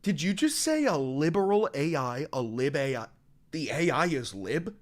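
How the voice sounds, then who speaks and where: Excitable shouting streamer man. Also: a little high. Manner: excitable, swears a lot, bursts into shouting; repeats words in rapid strings. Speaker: streamer reading chat. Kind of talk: live stream reacting to chat.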